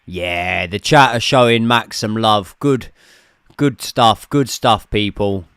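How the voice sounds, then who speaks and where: A man's voice: lowish voice, slow, fairly bright tone, clear, resonant tone, dry recording, clean studio sound. Chatty man hosting a stream. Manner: chatty, swears casually, reads out viewer messages. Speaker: host of a football watchalong stream. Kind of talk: casual live-stream chat and commentary.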